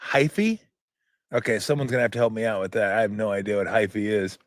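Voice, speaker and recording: Speaking fast in a fairly low voice, this show host rants casually and swears freely, sneering at the material he reads out. The sound is dry and clean, studio-recorded.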